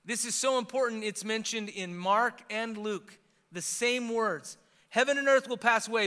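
A man preaching a sermon as pastor, swinging from loud, emphatic declarations to hushed, earnest asides, with chatty restarts. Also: very high-pitched, clear, resonant tone, big-room sound.

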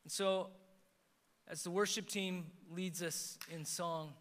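A man preaching a sermon as pastor, swinging between hushed asides and emphatic, animated lines, in a church sanctuary. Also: high voice, slow, in a large hall.

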